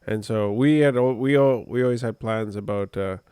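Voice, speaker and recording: Mellow and clean in tone, this lowish male voice speaks at a moderate pace in a dry, studio-quality recording. He's co-hosting a podcast, loosely recounting a personal story full of fillers in a relaxed, chatty style.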